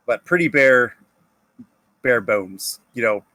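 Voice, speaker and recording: A man's voice: medium pitch, expressive, takes it slowly, bright, forceful tone, dry recording. A man running a tabletop game as game master, describing scenes hesitantly with many fillers.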